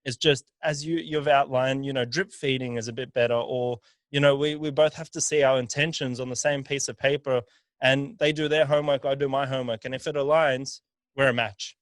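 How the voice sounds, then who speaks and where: Man, 30s, business owner; conversational storyteller, mid pitch, dry close mic. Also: fairly even intonation, brisk, dry recording. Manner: storytelling, repeats words while thinking. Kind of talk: casual podcast chat.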